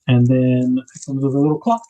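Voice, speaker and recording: Man, mellow dark voice, casual rambling unboxing chat, medium pitch. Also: level tone, a little fast, rough recording. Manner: laid-back, rambling, thinks aloud with fillers. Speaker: host of a knife livestream.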